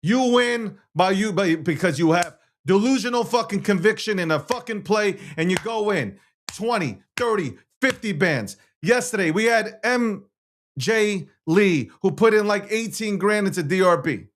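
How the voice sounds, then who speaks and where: A show host rants to his livestream viewers, brash, profane and boastful, repeating phrases and firing off rhetorical questions. His voice sits high and animated, at a normal speed.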